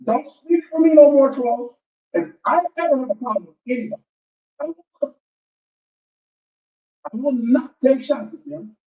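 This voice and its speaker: A man's voice: very high-pitched, moderate pace, pauses often. A man ranting defensively in a played video clip, rambling and profane. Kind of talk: angry video rant. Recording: dull, roomy audio from a distance.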